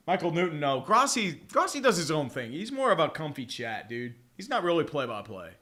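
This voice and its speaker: A man calling a football game play-by-play on a live fan stream, excitable and profane, chatting with his viewers between plays. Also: a little high, moderate pace. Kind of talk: live watch-along commentary.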